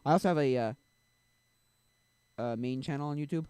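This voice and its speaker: A man's voice: medium pitch, normal speed, darkish tone, smooth, no room sound. A young man streaming, chatting casually and rambling, often losing his train of thought. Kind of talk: casual chat.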